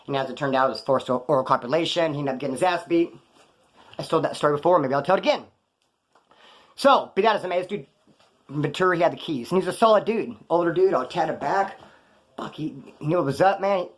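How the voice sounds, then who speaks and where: Here's a casual storytelling monologue from an ex-prisoner, his voice fast and on the high side. He wanders between tangents in profane slang, fixing details as he talks.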